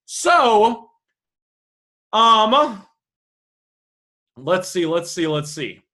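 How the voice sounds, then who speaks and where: A man's voice: high-pitched, very animated, very slow, bright, forceful tone, low-quality recording. A young man teaching a live online sales class in a casual, loose way, reading out students' messages and thinking aloud with fillers. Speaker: sales trainer.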